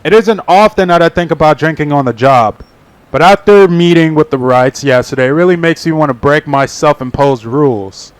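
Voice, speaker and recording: A man's voice: on the high side, moderate pace, no echo. A young man casually reading a visual novel aloud on a stream, with profane asides. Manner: casual, swearing, laughing asides.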